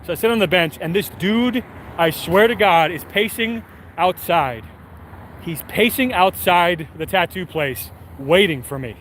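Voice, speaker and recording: A man's voice: sits high, measured pace, a little hiss or hum. A man streaming and answering chat, telling a story in a casual, rambling way full of fillers. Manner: rambling, filler-heavy, animated retelling.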